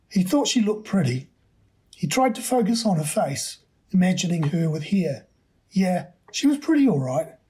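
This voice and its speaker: Man reading a story, breathy husky voice, measured. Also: a little high. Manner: measured and expressive. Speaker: podcast host.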